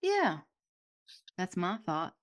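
A woman's voice: fairly low pitch, wildly swooping pitch, very slow, dry recording, studio quality. A woman co-hosting a podcast, chatting casually about a TV show, gushing and trailing off mid-thought. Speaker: podcast co-host. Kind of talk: casual chat.

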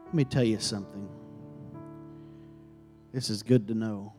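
A man, preaching a sermon and praying for miracles, swinging from soft talk to loud, drawn-out emphasis. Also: lowish voice, steady tone, soft background music. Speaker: guest preacher. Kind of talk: sermon with prayer.

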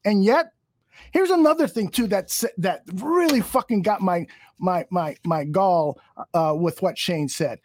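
A man's voice: high-pitched, expressive, measured pace, a little mellow, a little hiss or hum. A man hosting a podcast, ranting angrily and profanely with many restarts. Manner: angry, profane, rambling with restarts. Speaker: podcast host. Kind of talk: heated podcast rant.

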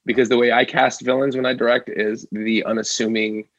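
Husky-voiced enthusiastic male actor, lo-fi sound. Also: medium pitch, level tone, a little fast, no echo. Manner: enthusiastic, rambling with fillers. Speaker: actor and guest. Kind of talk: casual interview.

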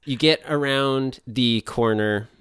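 A man's voice: mid-range voice, takes it slowly, fairly bright tone, smooth, no room sound, studio quality. A man running a tabletop role-playing game, narrating scenes in a playful, self-mocking way. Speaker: game master.

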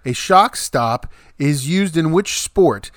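A man's voice: fairly high pitch, lively intonation, fairly bright tone, no echo, clean studio sound. Man hosting a casual podcast quiz. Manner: chatty, reads questions and options slowly. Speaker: quiz show host.

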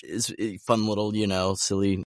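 A man's voice: fairly low pitch, flat delivery, normal speed, no room sound, clean studio sound. A man who works as a voice actor, a guest in a casual chat, ranting bluntly with sardonic, profane jokes.

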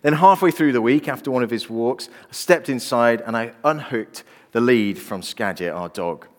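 A pastor in his thirties delivers a sermon, weaving in personal stories with earnest conviction. His voice sits at an ordinary male pitch. A long reverb trails after his words in the large hall. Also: normal speed. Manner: earnest, personal storytelling preaching.

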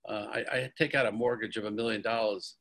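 A man being interviewed as a guest, telling his story in a lively, excitable way and often repeating words as he goes. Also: fairly low pitch, fast talker, vocal fry. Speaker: guest, company founder. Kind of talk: animated storytelling in a podcast interview.

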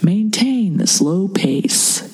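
A woman's voice: on the low side, expressive, a little slow, warm tone. A woman putting on an odd accent to voice a man named Dan, reading a sex guide aloud. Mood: instructive. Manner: reads in a put-on odd accent.

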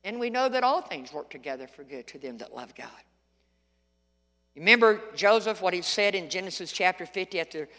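High, bright-voiced man preaching in a hall. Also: expressive, a little fast. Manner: preaching with folksy storytelling and emphatic outbursts. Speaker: pastor. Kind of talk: sermon.

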